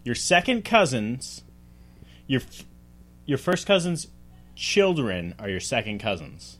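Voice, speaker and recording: A man co-hosting a podcast, giving dry, deadpan answers in casual chat. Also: medium pitch, takes it slowly. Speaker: podcast co-host.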